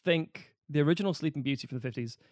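A man's voice: on the high side, quick pace, a little mellow, no echo, studio quality. A man co-hosting a casual film podcast, chatty and wry as he reviews films.

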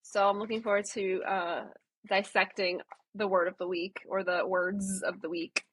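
A woman's voice: mid-range voice, little pitch movement, normal speed, fairly bright tone, slightly rough. A woman co-hosting a podcast, chatting thoughtfully and sometimes restarting her phrases. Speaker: podcast co-host. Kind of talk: casual podcast chat.

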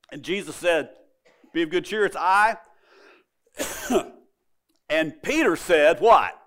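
Animated folksy preacher man. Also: a little high, unhurried, long pauses. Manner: folksy, animated storytelling with acted-out quotes. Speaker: pastor. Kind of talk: sermon.

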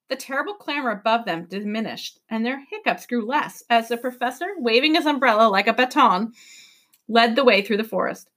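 A woman teacher reading a novel aloud for her class. Her storytelling is expressive, and her voice sits slightly high.

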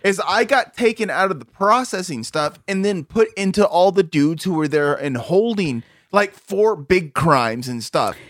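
A man's voice: high voice, expressive, unhurried, few pauses, fairly bright tone, no echo, studio quality. A man telling a rambling, profane story in casual chat, often laughing as he talks.

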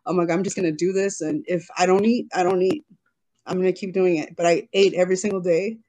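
Her voice is lowish, mellow, and steady, moving at a quick pace. She's a jewelry business owner in her thirties, a guest interviewed on a video call, speaking casually and with emotion while often quoting her own words.

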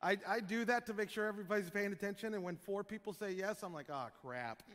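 A man preaching a sermon as pastor, joking with his congregation and breaking into loud shouted prayers. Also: high voice, fairly even intonation, fast talker, long reverb tail.

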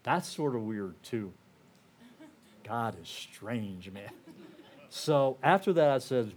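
An older man shares his testimony with a church crowd in a loose storytelling way. His pitch sits in the middle, and he keeps restarting his sentences and filling gaps with "you know". He grows quiet and earnest at the heavy moments. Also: moderate pace. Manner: earnest and emotional, dropping softer at heavy moments. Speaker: guest speaker sharing his testimony. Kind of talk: personal testimony told to a church audience.

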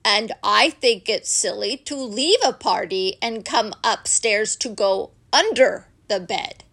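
A woman voicing a shy, polite male teddy bear who speaks slowly and earnestly, with a gravelly voice. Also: medium pitch, expressive, a bit bright, full character voice. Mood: timid, earnest. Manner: slow, timid and earnest.

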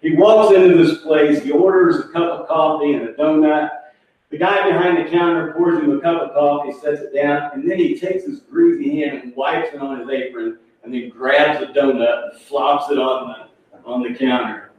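A man preaching a sermon, an animated, impassioned storyteller. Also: on the high side, normal speed, highs cut off. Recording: echoey hall, mic far off.

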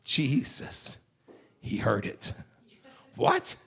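A man preaching a revival sermon, swinging from hushed, quiet lines to shouted whoops. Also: medium pitch, wildly swooping pitch, drawn-out words, gravelly, breathy edge.

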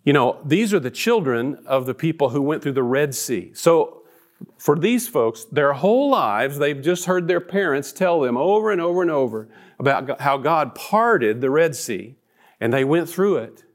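A man's voice: on the high side, animated, moderate pace. A middle-aged man preaching a sermon as a pastor, earnest and storytelling, often restarting his sentences.

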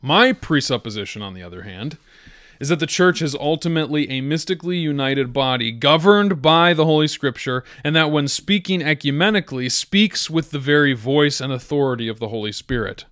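A male podcast host reading from an article and arguing against it in a measured, deliberate way, now and then restarting a phrase. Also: on the high side, expressive, fairly bright tone, no room sound, clean studio sound. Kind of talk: reading and discussing an essay.

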